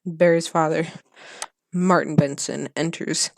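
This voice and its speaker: A channel host reading a film script aloud in a deadpan monotone, stumbling over words and losing their place. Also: medium pitch, measured pace, vocal fry, no echo, clean studio sound.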